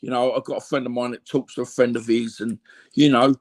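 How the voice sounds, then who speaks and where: A man's voice: medium pitch, little pitch movement, brisk, darkish tone. A middle-aged Cockney man telling blunt, rambling stories as an interview guest, full of fillers and repeats. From London, England. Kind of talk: candid conversational storytelling.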